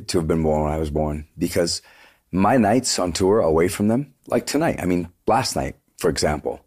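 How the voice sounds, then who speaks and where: Middle-aged man, very low voice, husky, earnest, rambling storyteller, interview guest. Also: darkish tone. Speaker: touring singer, interview guest. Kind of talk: casual interview conversation.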